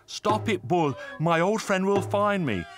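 Man doing a crafty poor old man, pitched way up, lively, fiddle music behind. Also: normal speed, lightly acted. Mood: pleading. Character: poor old man hiding gold, cunning.

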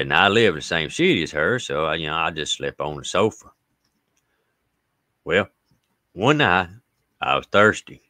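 A deep-voiced man with an Appalachian accent hosts a relaxed livestream, with no room sound in the audio. In folksy fashion, he reads out comments and stories from viewers and greets each warmly by name.

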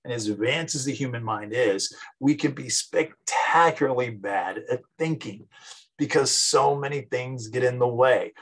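A man's voice: medium pitch, breathy edge, poor audio. A man in his fifties, a psychology teacher, giving a conversational recorded lecture and acting out everyday examples. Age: 50s.

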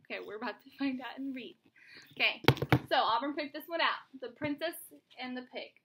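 A young woman, a teacher at home, reading a storybook aloud to her child with animated, chatty asides. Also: high voice, brisk, heavy background noise.

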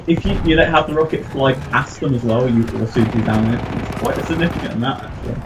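A man chatting excitedly while gaming, laughing and acting out other players. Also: mid-range voice, fast. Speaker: gamer host. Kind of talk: casual gameplay chat. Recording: game battle noise behind.

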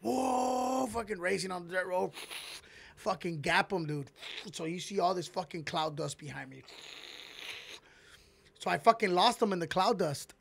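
A man hosting a podcast, telling a long story in a rambling, animated way and swearing heavily, on a close mic. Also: sits high, moderate pace, gravelly, pauses often, slightly rough. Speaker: podcast host. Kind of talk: casual storytelling.

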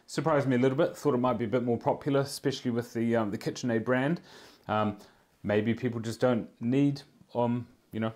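A man's voice: mid-range voice, a little mellow. Chatty New Zealand man hosting a draw. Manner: chatty, easygoing, talks to viewers in the chat while working. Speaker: prize draw host. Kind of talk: live-streamed prize draw chat.

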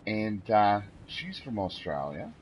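Lowish, lively male streamer, slow and rambling, joking at himself. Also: slight background noise, poor audio. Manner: rambling, self-deprecating, exclaims at the game. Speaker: game streamer. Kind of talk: casual gameplay commentary.

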